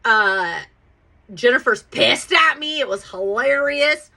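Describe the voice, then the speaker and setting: A woman hosting her own podcast, telling a personal story in a casual, profane, animated way and often checking in with "right?". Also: on the high side, takes it slowly.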